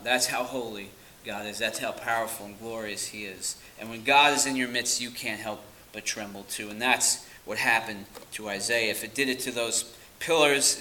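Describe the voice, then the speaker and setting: Male pastor, very bright tone, earnest emphatic delivery. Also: mid-range voice, slight background noise, low-quality recording. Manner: earnest preaching with emphatic repetition. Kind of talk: sermon.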